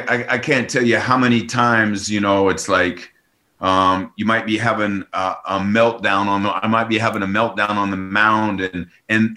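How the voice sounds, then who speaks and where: A man with a bright, sharp tone in an interview. He tells stories with energy and slips into the voices of the people he quotes. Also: fairly low pitch. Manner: animated storytelling, acts out quoted dialogue. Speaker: former baseball pitcher, author.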